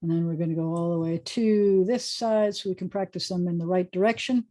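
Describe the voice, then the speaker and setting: A woman's voice: fairly low pitch, fairly even intonation, brisk, warm tone. A woman rabbi teaching a Hebrew class over a video call, patiently explaining and sounding out syllables. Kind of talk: online class lesson.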